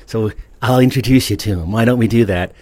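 A man's voice: fairly low pitch, a little fast, a little mellow, dry recording, close to an everyday voice. A man putting on the voice of a genial older male ex-president, folksy and self-assured.

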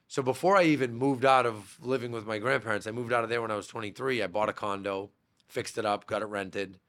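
A man's voice: on the low side, steady tone, quick pace, fairly bright tone. A man from Massachusetts, a podcast guest, telling rambling childhood stories in a casual interview, with many fillers and restarts. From Massachusetts, USA. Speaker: real estate brokerage owner, podcast guest.

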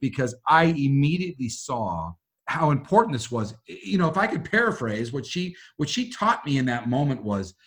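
A man's voice: mid-range voice, normal speed. A middle-aged man telling a personal story in conversation, acting out voices as he goes. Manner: animated, acts out quoted voices. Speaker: guest.

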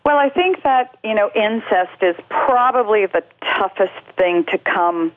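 A woman's voice: medium pitch, expressive, a little slow, dry recording. A woman speaking as a guest in an interview, giving earnest, reflective answers with many fillers and restarts. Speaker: guest speaking on parenting and faith. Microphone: telephone. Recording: tinny phone line.

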